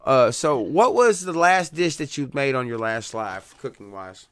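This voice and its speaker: A man's voice: mid-range voice, lively intonation, unhurried, fairly bright tone, clean tone, no echo, studio quality. A man with a Southern US accent hosting a live radio interview, folksy and chatty, calling out to listeners. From Deep South, US. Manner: folksy, keeps addressing listeners with y'all. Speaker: radio host.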